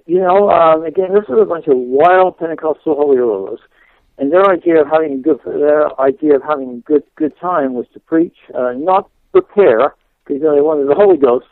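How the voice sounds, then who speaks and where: English guy chatting on a call-in show, raspy-gravelly voice, lots of uh and you know, phone line sound. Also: on the high side, normal speed, no echo. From England. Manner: chatty, laughing, many fillers and restarts. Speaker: guest minister. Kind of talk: radio interview storytelling. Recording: dry tinny phone line.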